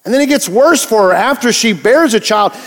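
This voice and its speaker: A man's voice: very high-pitched, lively intonation, brisk, vocal fry, a bit bright, long reverb tail. A man preaching a sermon in a casual, conversational way, stressing and repeating key words. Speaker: pastor.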